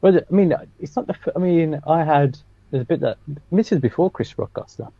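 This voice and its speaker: A man's voice: a little high, expressive, fairly quick, mellow, no room sound. Laughing storyteller man, dry dull sound. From England. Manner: anecdotal storyteller, laughs often. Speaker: podcast co-host, stand-up comedian. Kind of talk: casual chat.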